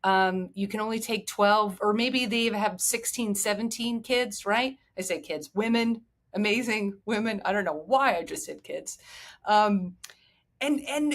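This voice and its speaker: A middle-aged woman hosting a solo sports podcast, talking with excitement and drifting into emotional tangents. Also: a little high. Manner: enthusiastic, digressive, emotional. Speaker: podcast host.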